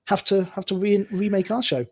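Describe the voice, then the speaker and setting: A man's voice: sits high, brisk. A man co-hosting a show, explaining the rules of a challenge in a rambling, chatty way with many fillers. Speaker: co-host. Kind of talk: casual chat.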